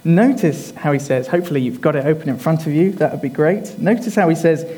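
A man preaching a sermon in a deliberate, emphatic way, repeating his key phrases for weight. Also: a little high, animated, warm tone, poor audio.

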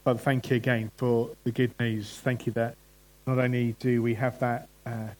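A man's voice: medium pitch, level tone, normal speed, darkish tone, poor audio. Male preacher, chatty sermon, quizzes the congregation, mid-range voice. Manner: chatty, asks the congregation questions. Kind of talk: conversational sermon.

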